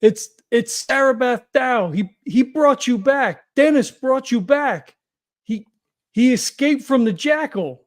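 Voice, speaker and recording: A man's voice: very high voice, expressive, slow, voice pushed up, full character voice. A man voicing a desperate male investigator in a tabletop horror game, pleading urgently and stumbling over his words. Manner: urgent, stammering pleas.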